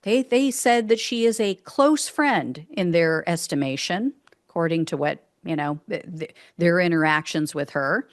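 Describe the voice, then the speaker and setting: A woman's voice: on the low side, measured pace, no room sound, studio quality. A woman hosting solo political commentary in an indignant, sarcastic way, with exasperated outbursts.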